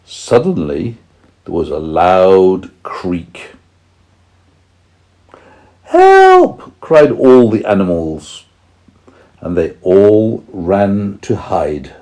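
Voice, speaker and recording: A man's voice: sits low, very slow, warm tone. A man reading a children's story aloud to his young child, patiently stopping to explain words.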